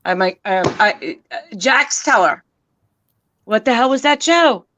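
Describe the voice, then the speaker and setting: A woman joining a casual livestream chat as a guest, excitable and gushing. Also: fairly high pitch, measured pace.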